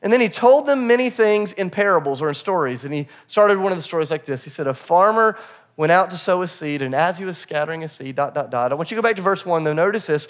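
A male pastor preaching a sermon. He tells a personal story in a lively way and acts out the people in it. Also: high-pitched, fast. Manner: animated storyteller, voices the people in his story.

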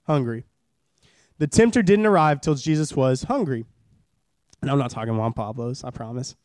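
A man's voice: medium pitch, normal speed, darkish tone, no echo, clean studio sound. A young man in his twenties preaching a sermon at a church service, in a casual, joking way that repeats phrases for emphasis.

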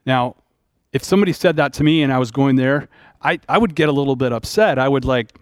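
A man's voice: mid-range voice, a little fast, no echo, studio quality. A man preaching a sermon as pastor, retelling a story in a plain-spoken, conversational way.

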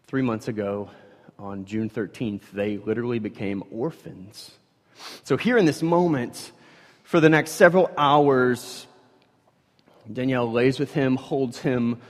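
A man preaching a sermon, swinging from loud emphatic bursts to hushed, low passages. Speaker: pastor. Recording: reverberant hall.

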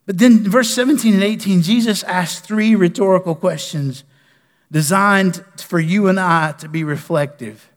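A man preaching a sermon as pastor, moving between passionate declarations and soft, pleading prayer. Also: high-pitched, moderate pace. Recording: long reverb of a church hall.

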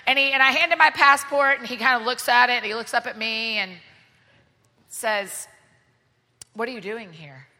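A woman with an American Southern accent tells a story from the stage, her voice high and very bright. She is animated and self-deprecating, breaking into laughter as she goes. Her words ring out with the long reverb of a large hall. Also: moderate pace. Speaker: guest speaker. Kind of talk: storytelling sermon to a live audience.

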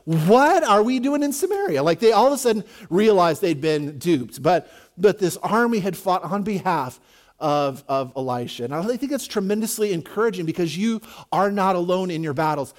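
High-voiced male pastor preaching casually. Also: animated, moderate pace. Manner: conversational with jokey asides, frequent restarts. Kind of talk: sermon.

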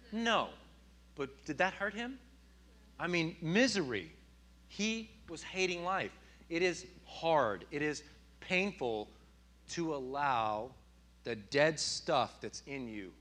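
A man in his thirties preaching a sermon, animated and telling stories with sudden loud outbursts. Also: fairly high pitch. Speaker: pastor.

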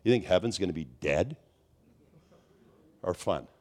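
Animated preacher man, rising to shouts. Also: a little slow. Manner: animated storytelling, rising to near-shouted high peaks. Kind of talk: charismatic sermon.

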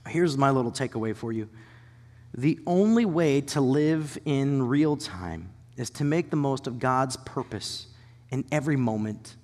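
A man preaching a sermon as a pastor, shifting between animated storytelling and hushed, whispered emphasis. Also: mid-range voice, in a large hall. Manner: animated storytelling with quick asides.

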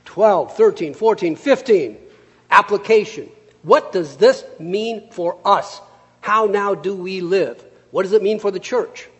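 A man preaching a sermon, reading scripture and then telling stories in a lively, conversational way. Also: high-pitched, a little slow, slightly rough. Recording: long reverb of a large hall.

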